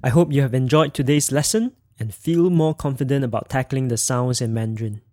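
A man teaching a podcast language lesson, speaking slowly and clearly as he demonstrates tones. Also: mid-range voice, darkish tone, no echo, studio quality.

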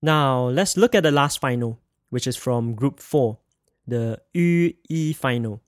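Slow, careful male language teacher. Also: mid-range voice, no room sound, clean studio sound. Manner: slow, careful enunciation with drilled repetitions. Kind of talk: recorded pronunciation lesson.

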